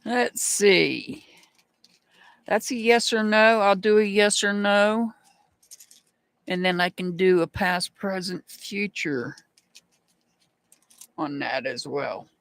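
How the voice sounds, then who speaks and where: Slow, chatty woman reading runes. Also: medium pitch, dry recording. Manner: casual, chatty, greets viewers by name. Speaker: rune reader. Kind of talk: live stream rune reading.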